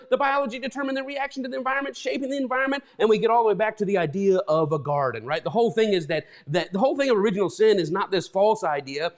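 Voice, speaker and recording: Male pastor, middle-aged, high voice, rambling sermon, repeats himself. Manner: rambling, repeats words, emotional. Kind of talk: informal sermon.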